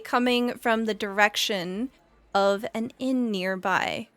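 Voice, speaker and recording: A woman's voice: fairly high pitch, fairly even intonation, a little slow, fairly bright tone, no echo. A woman running a tabletop game as game master, describing the scene to her players. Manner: descriptive, scene-setting narration.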